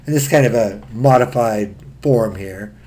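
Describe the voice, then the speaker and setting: A man teaching Greek grammar in a recorded lecture, explaining step by step in a slow, methodical way. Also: on the low side, warm tone.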